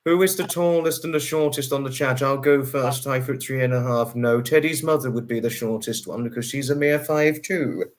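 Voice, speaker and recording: A man's voice: mid-range voice, moderate pace, hardly any pauses. Chatty man hosting a livestream. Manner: chatty, repeats phrases, talks to chat viewers. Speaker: livestream host. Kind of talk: casual chat.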